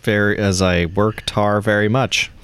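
A man's voice: fairly low pitch, level tone, measured pace, fairly bright tone, smooth. Man reading a listener email aloud. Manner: plain reading with asides and light laughs. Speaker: podcast co-host.

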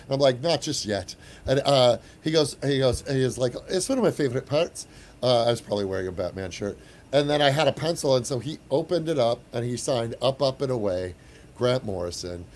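Forties male actor, lively storyteller, mid-pitch voice, lots of restarts. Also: fairly quick. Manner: animated storyteller, frequent restarts. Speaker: actor and guest. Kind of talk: casual chat, anecdote.

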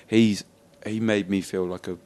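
A man's voice: lowish voice, fairly even intonation, measured pace, a little mellow. A man co-hosting a casual sports podcast, joking and bantering. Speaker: podcast co-host. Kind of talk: casual chat.

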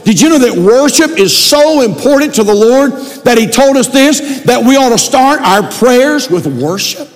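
A male pastor preaching a sermon, building to shouted emphasis. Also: very high-pitched. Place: church sanctuary. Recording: long hall reverb.

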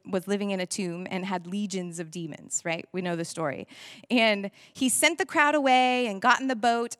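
A woman preaching a sermon in a church, telling the story with animated energy and frequent laughter. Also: a little high, no echo, clean studio sound. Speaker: pastor.

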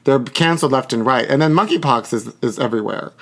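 Dramatic, rambling podcast host. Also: male voice, medium pitch, fast talker, fairly bright tone. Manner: dramatic, self-mocking and rambling. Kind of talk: casual podcast chat.

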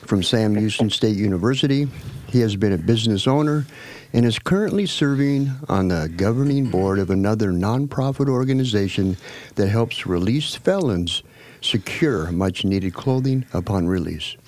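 A man's voice: fairly low pitch, lively intonation, moderate pace, a little mellow. A man co-hosting a podcast, reading a guest introduction aloud in a joking, put-on Texas drawl. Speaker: podcast co-host.

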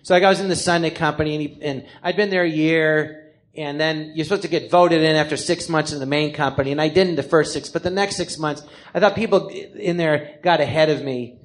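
A man in his fifties with an American accent, telling his life story on stage as a comedian, animated and acting out the people he quotes. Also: on the high side, a little fast. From Los Angeles, California. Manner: animated, acts out quoted people in different voices. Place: live theatre stage before an audience.

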